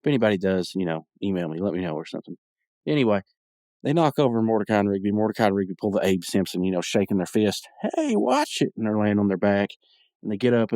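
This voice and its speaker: Low-voiced man rambling through a cartoon recap. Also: darkish tone, no echo, studio quality. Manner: rambling and digressive, many fillers; opinionated asides. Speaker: podcast host. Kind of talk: casual episode recap.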